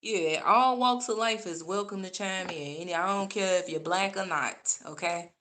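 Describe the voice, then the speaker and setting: A woman giving casual opinion commentary as a vlogger, sassy and animated, laughing often. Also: medium pitch, moderate pace, slight background noise.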